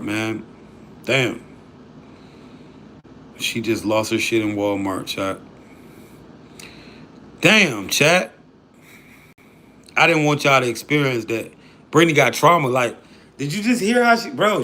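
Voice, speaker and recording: A man's voice: medium pitch, fairly bright tone, slight background noise. A man hosting a livestream, talking loosely and profanely to his chat in disbelief. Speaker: livestream host.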